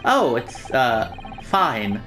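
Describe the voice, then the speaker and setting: A woman's voice: rumbling low, big pitch swings, drawn-out words, fairly bright tone, faint music behind, pitched below the performer's own voice, heavily acted. A woman voicing a nervous, hesitant young male lawyer in a game. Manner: hesitant, stammering.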